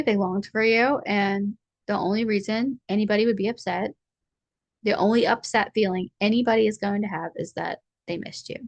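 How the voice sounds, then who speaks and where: A woman's voice: on the high side, no echo. A woman giving a casual collective tarot reading, chatty and rambling, with a playful streak. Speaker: tarot reader.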